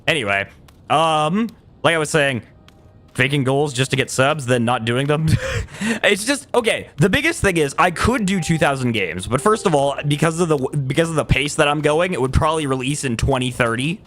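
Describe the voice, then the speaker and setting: A man's voice: a little high, expressive, normal speed, fairly bright tone. A man chatting casually on a gaming livestream, rambling, correcting himself mid-sentence and laughing between thoughts. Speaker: streamer.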